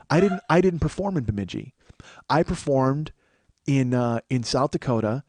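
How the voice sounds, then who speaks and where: A man's voice: medium pitch, darkish tone, dry recording. A man in his forties from Chicago, a podcast host riffing through a sarcastic, profane comedic monologue in a small studio.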